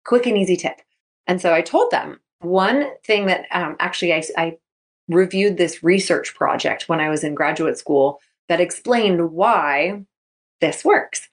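A woman's voice: on the low side, lively intonation, unhurried. A woman in her thirties, a sports mindset coach hosting her podcast, talking casually and upbeat, acting out quotes as she goes. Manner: upbeat, chatty, acts out quotes. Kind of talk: casual solo podcast talk.

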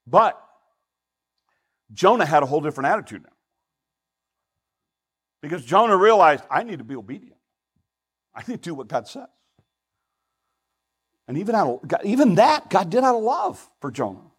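An older man preaching a sermon as pastor, earnest and pleading, swinging between loud emphasis and hushed asides. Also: high voice, breathy edge, rough recording.

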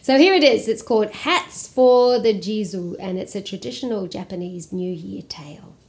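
A woman telling a folk tale to children, expressive and at times sing-song. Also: medium pitch, normal speed, soft background music. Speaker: storyteller. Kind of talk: storytelling for children.

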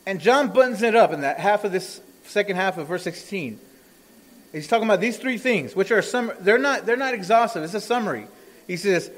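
A man preaching a sermon in a fairly high voice. His pitch rises and falls widely as he presses his points and asks the congregation rhetorical questions. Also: animated, moderate pace. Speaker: pastor.

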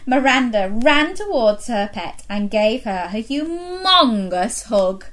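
A woman reading a story aloud for children, animated and pausing to ask them questions. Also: on the high side, background noise.

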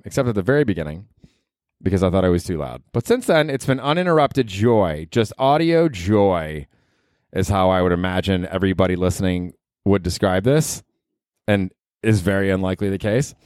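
A man's voice: low-pitched, sing-song, brisk, darkish tone, no room sound. Young guy rambling on his comedy pod, swears a lot, bouncy tone, dry mic. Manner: rambling, profane, self-mocking. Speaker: podcast host. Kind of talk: casual comedic monologue.

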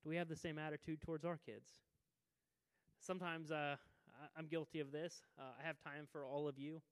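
A man's voice: fairly high pitch, level tone, a little fast, clean tone, no room sound, long reverb tail. A man in his thirties preaching a sermon as pastor, conversational and self-deprecating, with frequent restarts. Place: church sanctuary.

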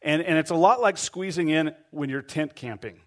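A man's voice: fairly high pitch, normal speed. A middle-aged man preaching a sermon, telling a story animatedly and acting out the voices of the people in it. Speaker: pastor.

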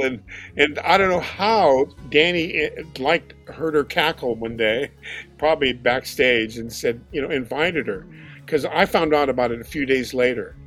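An older man, a band drummer, telling animated stories and acting out voices and drum sounds as a podcast guest. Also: fairly high pitch, a little slow, soft background music. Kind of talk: casual storytelling.

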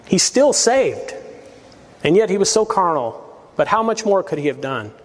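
A man's voice: high-pitched, sing-song, moderate pace, long reverb tail. A man preaching a verse-by-verse sermon as pastor, earnest and emphatic, with rising appeals to his listeners. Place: church sanctuary.

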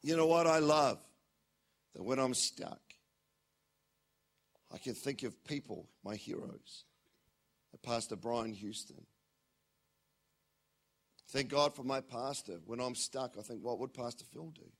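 A man preaching a sermon, telling stories with animated swings from loud to quiet. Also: medium pitch, slow pace, long pauses.

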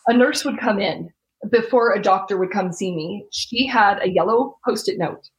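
A woman's voice: medium pitch, normal speed. A young adult woman, an interview guest, recounting a frightening ordeal in an earnest, sometimes tearful way. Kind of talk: emotional storytelling.

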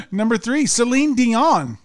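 A man hosting a podcast and running a quiz game for his guests, joking and laughing between questions. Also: very high-pitched. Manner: playful, laughing quiz-master. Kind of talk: casual studio banter.

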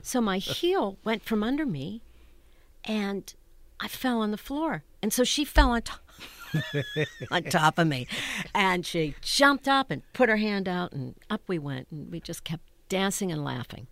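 An older woman, a stage actress, telling funny backstage stories in an animated, laughing way that keeps interrupting itself. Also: medium pitch, a little slow, a little hiss or hum. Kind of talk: anecdotal storytelling.

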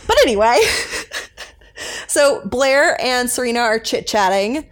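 A woman's voice: a little high, brisk. Chatty young woman recapping a show. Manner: chatty, rambling, many fillers. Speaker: podcast co-host. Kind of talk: casual recap chat.

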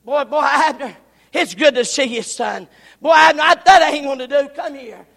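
A man preaching who voices a scheming commander speaking low and hushed with false friendliness, in an echoey hall. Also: measured pace, vocal fry, exaggerated voice. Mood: falsely friendly. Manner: low, hushed, fake warmth.

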